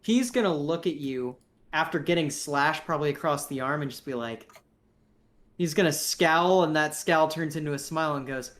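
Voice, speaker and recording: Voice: medium pitch, moderate pace, fairly bright tone. Casual game master running a fight. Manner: casual, rambling, reads rules aloud. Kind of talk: running a tabletop game over voice chat.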